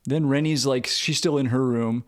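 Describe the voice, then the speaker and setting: A man's voice: mid-range voice, fairly even intonation, moderate pace. Laid-back chuckling man on a podcast. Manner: laid-back, chuckling, drops short acted quotes. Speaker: podcast co-host. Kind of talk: casual movie recap chat.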